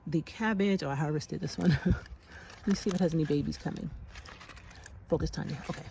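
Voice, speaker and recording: A woman's voice: deep voice, a little fast, gravelly, warm tone, a little hiss or hum. A woman in her thirties walking through her backyard garden and talking to viewers in a chatty, sighing way, calling them y'all. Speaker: homestead vlogger. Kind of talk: casual garden vlog.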